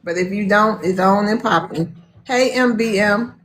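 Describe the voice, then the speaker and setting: A woman's voice: medium pitch, unhurried. A woman hosting a casual live stream, chatting and greeting viewers by name in a folksy way.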